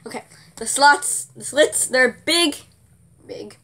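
A woman's voice: high voice, slow pace, bright, forceful tone. Giggly sarcastic woman reviewer. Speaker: product reviewer. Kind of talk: casual chat.

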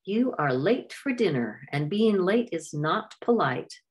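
A woman's voice: lowish voice, big pitch swings, takes it slowly, pitched above the performer's own voice. A small male chameleon with prim, fussy manners speaks in a slightly raised voice, as a woman reading a storybook puts him on. He is polite and a little stern about good manners. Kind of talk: storybook narration.

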